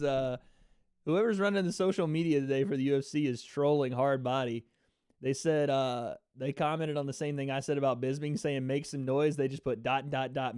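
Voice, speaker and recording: A man's voice: on the high side, a little mellow, clean tone, no echo, studio quality. A man hosting a casual livestream reaction, rambling loosely with laughs and the odd swear word.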